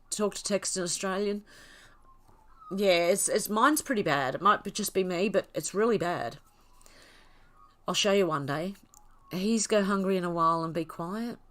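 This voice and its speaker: A woman's voice: fairly low pitch, fairly bright tone. A middle-aged woman hosting a casual livestream, reading viewers' comments aloud in a chatty, candid way with frequent giggles. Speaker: livestream host.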